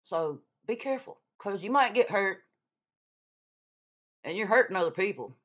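A woman's voice: mid-range voice, expressive, moderate pace. Woman, blunt, profane, scolding vlog rant, muffled lo-fi sound. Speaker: YouTube vlogger calling out another creator. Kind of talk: heated casual rant. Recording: dull lo-fi sound.

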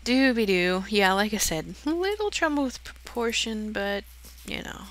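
A woman's voice: medium pitch, animated, moderate pace, fairly bright tone. A young woman giving a casual, giggly, self-deprecating walkthrough of something she built in a game. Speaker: channel host touring her build.

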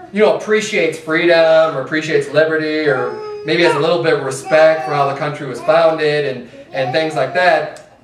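In a church sanctuary, a pastor delivers a loose, conversational sermon and mocks his opponents with chanted slogans. His voice sits a little high with a slightly bright edge, and the sound is roomy, as he stands far from the mic.

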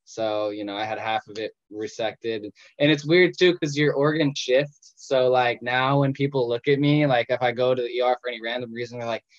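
A man's voice: medium pitch, fairly quick, few pauses, no room sound, lo-fi sound. A man in his twenties telling his own story in a casual, self-mocking way on a video call. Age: 20s. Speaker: patient sharing his story.

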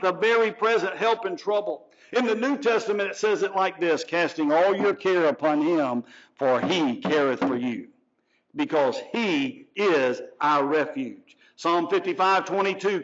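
A man preaching a sermon as pastor, swinging between loud, drawn-out phrases and hushed, quiet lines. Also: on the high side, highs cut off. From Georgia, US.

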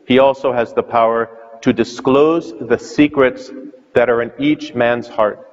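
A man preaching a sermon as a priest, telling the story with questions to the listeners. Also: medium pitch. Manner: storytelling, asks questions aloud. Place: church. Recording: muffled reverberant church sound.

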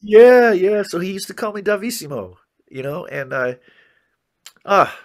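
A man in his fifties telling animated stories as an interview guest, often saying "man" and "you know" and acting out other people's words. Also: sits high, a little slow. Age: 50s. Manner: acts out others' words in quoted dialogue. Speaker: interview guest, jazz musician. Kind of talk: conversational storytelling interview.

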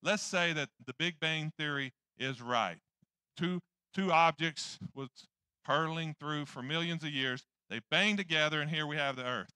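Bright-voiced, animated preaching man. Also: on the high side, moderate pace, clean tone, no room sound, clean studio sound. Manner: animated, jokey storyteller acting out his own past lines. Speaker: pastor. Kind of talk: sermon with personal storytelling.

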